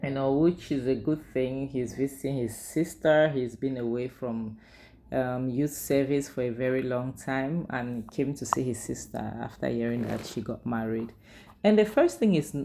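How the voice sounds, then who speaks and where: A woman with a Nigerian accent chatting casually as she recaps a drama, animated and full of fillers. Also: extremely low pitch, normal speed. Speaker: drama reviewer.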